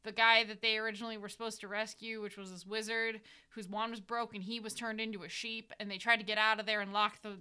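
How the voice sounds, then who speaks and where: A chatty American woman talks through her tabletop games in a loose, rambling way, laughing often as she goes. Her voice is bright and crisp, and sits a little high. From United States. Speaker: dungeon master and podcast host. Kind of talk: casual reflective podcast chat.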